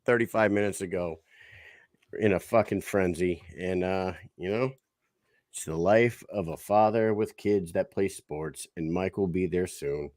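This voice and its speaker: A man in his thirties hosting a casual podcast, his voice lowish and dry in a close, dead room. He talks loosely and swears freely, laughing easily. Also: a little slow, a little mellow, no echo. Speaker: podcast host. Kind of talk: casual chat.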